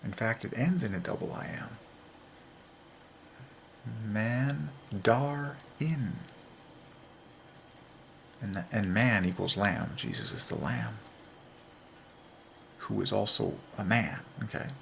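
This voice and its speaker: A gravelly-voiced man talks through letter-by-letter word comparisons with mounting excitement. He often sinks into a hushed whisper for emphasis. A faint hiss of noise sits behind him. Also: on the low side, slow pace, long pauses. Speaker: channel host. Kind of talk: religious letter-counting monologue.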